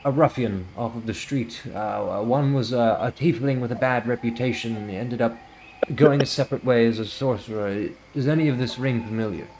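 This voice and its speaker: A man playing a tabletop role-playing game, speaking his character's lines slowly and formally. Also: mid-range voice, a little mellow, a little hiss or hum. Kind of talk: in-character role-play and casual table talk.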